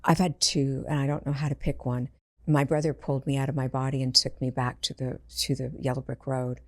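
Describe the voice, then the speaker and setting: An intuitive medium, a woman with a very deep voice and flat delivery, talks fairly quickly as a podcast guest. She tells personal stories earnestly and acts out the voices of the people in them. The clean studio recording has no room sound.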